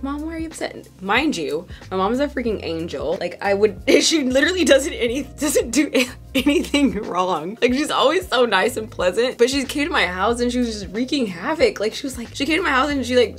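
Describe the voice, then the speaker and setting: A young woman gossips and rambles at home while she does her makeup. She sounds animated and talkative, and her pitch leaps around freely. "Like" fills nearly every sentence. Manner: chatty, animated, heavy use of "like". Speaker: beauty vlogger. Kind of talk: casual get-ready-with-me chat.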